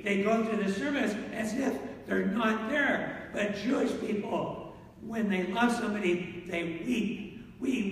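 A male pastor preaching an animated sermon, reading scripture slowly and solemnly in old-fashioned wording. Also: sits high. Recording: echoey hall from far off, faint noise.

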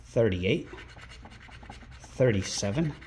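A man narrates his scratch-ticket vlog from indoors at a rental home, calling out each number at an unhurried, drawn-out pace. His voice is mellow and soft-edged, and he breaks into excited exclamations. A faint hiss of noise sits behind him. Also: lowish voice. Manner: calls out numbers one by one, bursts into excited exclamations. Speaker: scratch-ticket channel host.

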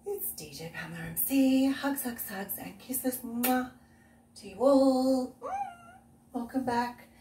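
Unwell woman chatting in a slow, rambling way. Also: a little high, expressive, darkish tone. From Australia. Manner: chatty, rambling, often trails off into asides. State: unwell, coughing. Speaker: vlogger. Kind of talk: casual cooking vlog. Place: outdoors on a windy day. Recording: roomy, far from the mic, faint background noise.

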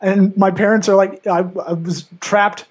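A man in his thirties with a notably high voice, hosting a podcast. He jokes and teases his way through the conversation, quick to pile on a bit. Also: crowd noise. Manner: jokey, animated, teasing. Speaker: podcast host. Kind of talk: casual podcast chat.

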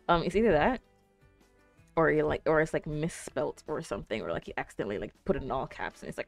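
Young woman, live-stream chat, lower voice, bouncy intonation, rambling with lots of fillers, faint music behind. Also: big pitch swings, fast talker, vocal fry. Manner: rambling, filler-heavy, chatty. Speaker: Twitch streamer.

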